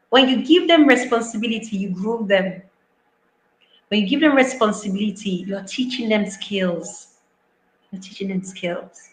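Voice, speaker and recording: A woman's voice: mid-range voice, expressive, normal speed, reverberant, rough recording. A woman giving an online parenting talk, emphatic, repeating key lines and acting out parents' voices. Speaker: parenting speaker.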